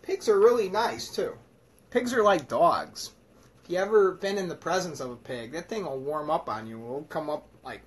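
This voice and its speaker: A man's voice: fairly high pitch, very animated, moderate pace, slight background noise. A man giving rambling, profane, joking commentary on scripture as a self-styled preacher. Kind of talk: irreverent comedic scripture commentary.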